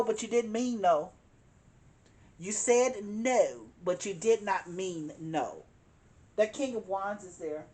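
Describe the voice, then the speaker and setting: A woman's voice: mid-range voice, a little mellow. A woman giving a tarot card reading, speaking emphatically, repeating her points and chuckling now and then. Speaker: tarot reader.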